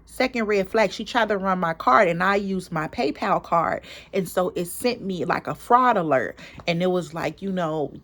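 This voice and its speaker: A woman vlogger and small business owner, a parent, retelling a story in a casual, emphatic, animated way with quoted dialogue. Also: fairly low pitch, normal speed. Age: adult parent.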